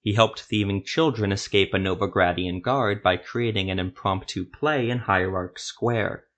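A man narrating a grim fantasy story in a steady, measured reading. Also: on the low side.

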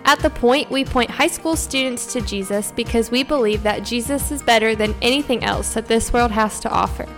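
A woman's voice: fairly high pitch, moderate pace, few pauses, fairly bright tone. Woman reading a podcast intro over music. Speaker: podcast co-host. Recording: faint music underneath.

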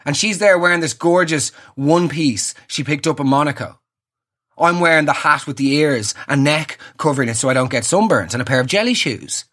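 A man's voice: medium pitch, brisk, a bit bright. An Irish man in his thirties hosting a comic podcast, telling sarcastic, ranting stories. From Ireland. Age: 30s. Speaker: podcast host.

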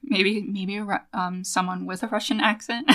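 Bright-voiced animated woman podcast host. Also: mid-range voice, normal speed. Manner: animated, laughs often, trails off and restarts. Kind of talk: casual chat.

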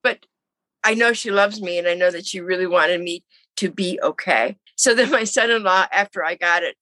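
A woman's voice: on the low side, moderate pace, no room sound. A woman in her seventies, an interview guest telling her story casually and acting out the voices of people she quotes. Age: 70s. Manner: animated, acts out quoted voices.

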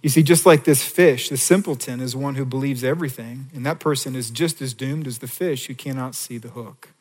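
A man preaching a sermon in a church sanctuary, in a conversational and animated style full of rhetorical questions. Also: mid-range voice, brisk. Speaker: pastor. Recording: long reverb of a church hall.

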